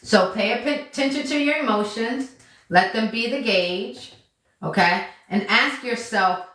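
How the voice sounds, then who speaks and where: A woman's voice: a little high, a little slow, a bit bright, echoey room. A woman giving a casual self-help lesson to her followers as a mindset coach. She repeats each step and checks in with "okay?" and "right?" after nearly every point. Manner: repeats key steps, acts out inner thoughts. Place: room at home.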